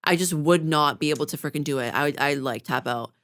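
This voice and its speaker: Fast-talking low-voiced woman podcaster. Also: a bit bright. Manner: rambling, full of fillers and casual swearing. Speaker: podcast co-host. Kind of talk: casual chat.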